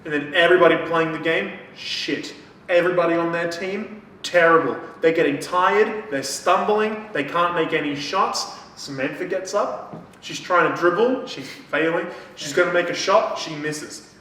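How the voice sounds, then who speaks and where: A man co-hosting a podcast in casual chat, retelling a book's plot with lots of swearing and quick acted-out lines. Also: fairly high pitch, pushed and bright, distant mic. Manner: swears a lot, acts out characters' lines. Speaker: podcast co-host. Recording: echoey room, off-mic, faint noise.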